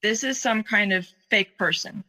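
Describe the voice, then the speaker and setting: A middle-aged woman telling her own story in a halting way, with many fillers and pauses. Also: medium pitch, pushed and bright, poor audio. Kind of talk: personal storytelling.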